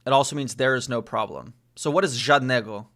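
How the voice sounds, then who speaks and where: A man whose first language is Spanish, chatting casually on a live stream and slowly repeating foreign phrases to practice them. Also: mid-range voice, fairly bright tone.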